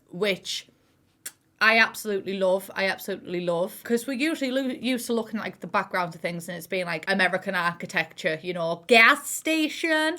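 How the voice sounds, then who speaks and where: A woman in her twenties from Middlesbrough talks in a broad Teesside accent at a middling pitch. She chats frankly through a casual video review, swearing freely and calling her audience pet names. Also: a bit bright. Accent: Teesside English. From Middlesbrough, England. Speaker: YouTuber reviewing a game expansion.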